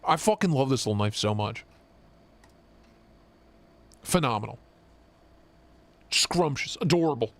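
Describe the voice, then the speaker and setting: A young man co-hosting a live stream, chatting casually and swearing as he jokes and gets excited. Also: medium pitch, measured pace, pauses often. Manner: excited, profane, joking. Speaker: knife show co-host.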